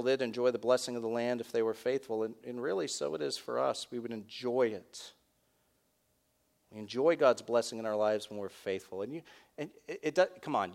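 A man preaching a sermon in an earnest, conversational way, with wry asides, who lifts his voice on key words and softens in prayer. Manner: rises in pitch and volume on key words, drops soft in prayer. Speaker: pastor.

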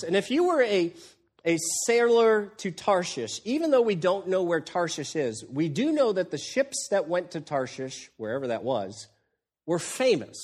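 Animated male preacher, rising pitch. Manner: animated, swings from hushed to exclaiming. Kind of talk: expository sermon.

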